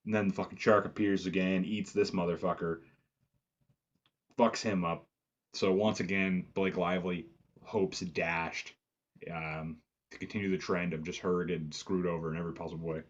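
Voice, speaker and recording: Low, husky-voiced man; loose, profane, filler-heavy reviewer recap. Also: fairly even intonation, moderate pace, lo-fi sound. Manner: profane, rambling, lots of "like" fillers. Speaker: movie reviewer. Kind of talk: casual film review recap.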